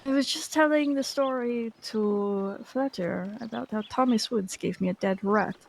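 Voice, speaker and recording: A woman player telling an animated story in character, acting out the other people's lines as she goes. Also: fairly high pitch, normal speed, gravelly, a little hiss or hum. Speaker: roleplay game player.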